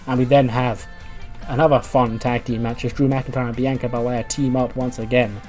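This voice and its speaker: A man's voice: medium pitch, flat delivery, normal speed, a little mellow, soft background music. A man casually narrating a wrestling management game, recapping results in a chatty way.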